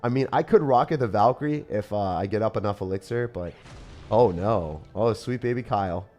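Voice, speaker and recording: A man streaming a mobile strategy game live, commentating his matches in an excitable, chatty way and talking to his viewers. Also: lowish voice, fairly quick. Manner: animated, excitable, talks to chat. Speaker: gaming streamer. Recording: faint music behind.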